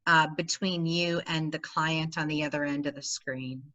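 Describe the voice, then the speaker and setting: A woman hosting a podcast, asking slow, halting questions over a video call. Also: low voice, steady tone, bright, forceful tone, dull audio. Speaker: podcast host. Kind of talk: interviewing.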